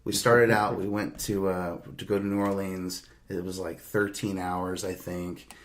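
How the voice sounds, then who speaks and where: A man's voice: deep voice, flat delivery, a little slow. A young adult man telling a long, rambling, profane road-trip story on a podcast, laughing as he goes. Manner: rambling, profane, laughs through his anecdotes. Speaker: podcast host. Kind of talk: casual storytelling.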